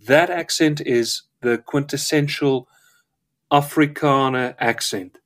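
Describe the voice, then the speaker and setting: A man's voice: medium pitch, takes it slowly, a bit bright. A man from South Africa who speaks with a schooled English accent, a guest telling rambling stories in casual live-show chat. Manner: rambling, wordy storyteller.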